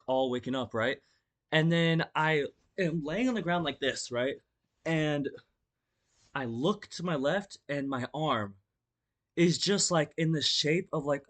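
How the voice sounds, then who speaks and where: A man's voice: fairly high pitch, a bit bright. Young man rambling through a storytime. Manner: rambling, many fillers and restarts, swearing; acts out the story with gestures. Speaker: vlogger. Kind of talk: casual storytime vlog.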